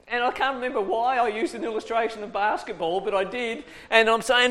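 A man's voice: very high-pitched, fairly quick, few pauses, sharp tone. A man preaching a sermon, telling stories animatedly and laughing often. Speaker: preacher, evangelist. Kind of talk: storytelling sermon.

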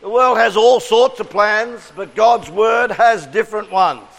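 Slow, high-voiced Australian preacher in a hall. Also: male voice, fairly bright tone. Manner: earnest, interactive, drawing call-and-response from the congregation. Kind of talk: sermon.

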